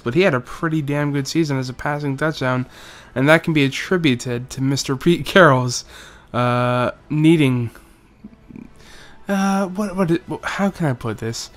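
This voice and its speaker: Joking young man narrating gameplay. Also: fairly high pitch. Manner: joking, rambling, mock play-by-play. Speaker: gaming YouTuber. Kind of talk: casual gameplay commentary.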